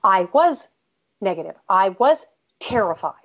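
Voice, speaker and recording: A woman's voice: medium pitch, very animated, unhurried. A middle-aged American woman telling a personal story in an interview, candid and emphatic, often breaking off and restarting her sentences. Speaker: author and guest. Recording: dull lo-fi audio.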